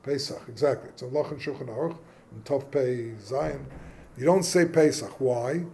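A man leads an informal Talmudic lesson, a casual Torah class where he asks questions and blends yeshivish Hebrew and Yiddish terms into his English. His medium-pitched voice is warm and moves at a moderate pace, with slight background noise.

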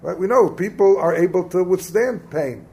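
Man, fairly high voice, Talmud class lecture, explanatory, Hebrew terms, questions to students. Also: lively intonation, normal speed, warm tone. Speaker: Torah teacher.

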